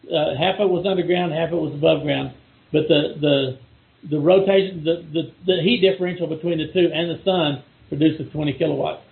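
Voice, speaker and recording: Texan man, middle-aged guest, gravelly, rambling with restarts, phone-thin audio. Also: fairly high pitch, narrow, tinny audio. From Texas. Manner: rambling, many restarts and repeated words. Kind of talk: casual chat over a call.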